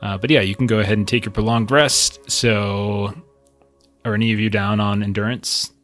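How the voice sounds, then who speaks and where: Man, game master, lowish voice, meandering narration, faint background music. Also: steady tone, moderate pace, fairly bright tone. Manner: loose, meandering descriptions with many fillers.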